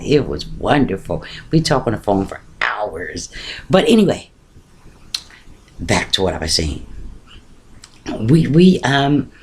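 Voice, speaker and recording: A middle-aged woman casually telling a personal story on her vlog, often stopping to repeat words as she looks for them. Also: extremely low pitch. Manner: halting, repeats words while searching for them. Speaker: vlogger.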